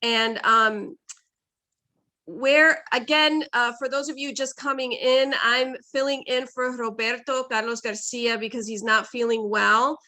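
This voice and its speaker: Halting, effusive woman hosting slowly. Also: fairly high pitch, steady tone, bright, forceful tone. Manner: halting and effusive, stumbles over words. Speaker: event host. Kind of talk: hosting an online reading.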